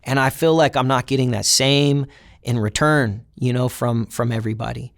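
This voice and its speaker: A man's voice: mid-range voice, steady tone, normal speed, vocal fry. Man casually retelling a prison memory. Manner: casual, reflective retelling with acted quotes of other inmates. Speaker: interview guest. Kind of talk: storytelling in an interview.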